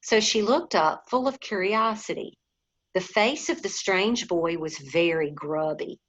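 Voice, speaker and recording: A woman reading a storybook aloud, gently, sometimes talking to the listeners directly. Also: on the low side, unhurried. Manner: gentle, addresses listeners as guys. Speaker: reader. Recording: dull lo-fi recording.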